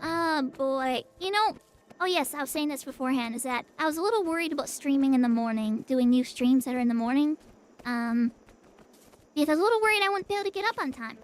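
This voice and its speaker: High-voiced, chatty woman streamer. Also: lively intonation, fast talker. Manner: chatty, playful, tired but upbeat. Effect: voice changer. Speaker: VTuber streamer. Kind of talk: casual gaming livestream chat.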